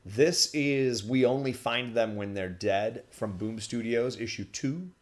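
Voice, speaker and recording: A man's voice: mid-range voice, unhurried. Chatty English man hosting comics chat. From England. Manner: chatty, joking, teasing. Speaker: host of a comics review livestream. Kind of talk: casual chat.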